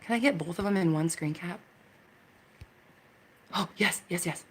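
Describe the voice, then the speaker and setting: A woman's voice: on the low side, unhurried, slight background noise. A woman hosting a live Q&A as a mindset coach, chatting casually into her phone, reacting to viewer comments with frequent laughter and casual swearing. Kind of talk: casual live-stream chat.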